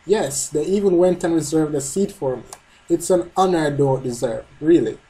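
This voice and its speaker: A man's voice: fairly high pitch, moderate pace, dark tone, natural voice, poor audio. A man reading the lines of a modest, polite middle-aged woman from a manga, in a humble manner.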